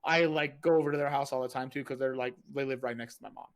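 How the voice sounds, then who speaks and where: A man's voice: mid-range voice, steady tone, fast talker, smooth. A man hosting a casual podcast, telling stories in a rambling way with lots of "like" and "you know". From United States. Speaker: podcast host and streamer.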